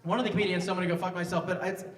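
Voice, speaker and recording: A man in his fifties doing stand-up in a live music venue, teasing himself and trading jabs with the audience. His voice sits a little high for a man. It comes through a stage mic and sounds roomy and distant, with a faint murmur of the hall behind it. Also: flat delivery, rapid-fire. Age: 50s. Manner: self-mocking, banters with the crowd. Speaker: stand-up comedian.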